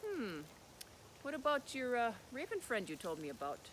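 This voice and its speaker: A man voicing a calm, helpful male wolf in a folk tale. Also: extremely high pitch, normal speed, a little hiss or hum, exaggerated voice, rough recording.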